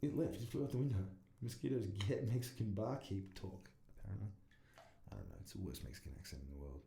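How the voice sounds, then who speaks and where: A man's voice: lowish voice, lively intonation, quick pace, vocal fry, warm tone, slight background noise. A man, rambling and swearing through a casual solo podcast. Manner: rambling, profane, self-deprecating. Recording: echoey room.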